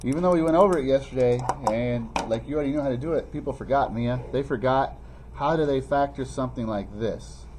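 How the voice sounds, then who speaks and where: A man teaching a math review lesson in a classroom, playfully teasing students and calling them by name. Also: fairly quick. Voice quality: animated, pitch jumping high when teasing students. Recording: faint classroom noise.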